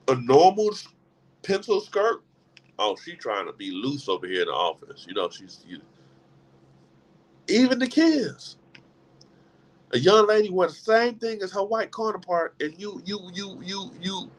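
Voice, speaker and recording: A man's voice: high-pitched, a bit bright. A middle-aged man giving a motivational talk to a live group, emphatic and preacher-like, repeating words as he builds his points. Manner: emphatic preacher-like delivery with many repetitions. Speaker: motivational speaker.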